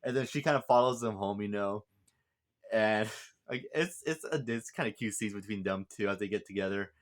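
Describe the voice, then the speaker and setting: A man's voice: fairly low pitch, moderate pace. Rambling casual male movie reviewer. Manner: rambling, many fillers and restarts.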